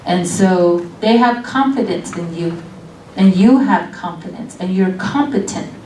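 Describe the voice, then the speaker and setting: Middle-aged woman giving a talk, slow and thoughtful, sounds far from the mic in a roomy hall w/ faint hiss. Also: on the low side, dark tone. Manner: earnest, reflective, speaks slowly with pauses. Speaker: guest lecturer on weaving. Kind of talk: college lecture talk. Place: lecture room at a college. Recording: echoey room, distant mic, faint noise.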